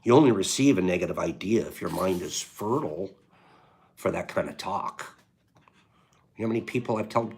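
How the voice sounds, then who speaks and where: A man's voice: sits low, moderate pace, creaky, long pauses, darkish tone, faint music behind. A man hosting a live stream in a casual chat, reading viewers' names and their answers aloud. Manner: reads chat names aloud, rattles off lists.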